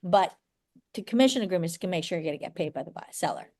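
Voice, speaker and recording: A middle-aged woman broker teaching a class of agents, blunt and brisk, often checking that everyone follows. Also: fairly low pitch, lively intonation, a little mellow. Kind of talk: live training class.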